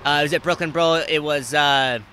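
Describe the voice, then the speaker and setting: A man in his twenties hosting a podcast, telling stories in casual chat, animated and swearing freely, acting out the people he quotes. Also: fairly quick, slight background noise. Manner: animated, acts out quoted people with big jumps in pitch and loudness. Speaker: podcast host.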